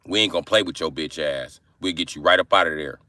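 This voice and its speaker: A man's voice: rumbling low, quick pace, pushed and bright, no room sound. A man ranting crudely on a comedic live stream, rambling and profane.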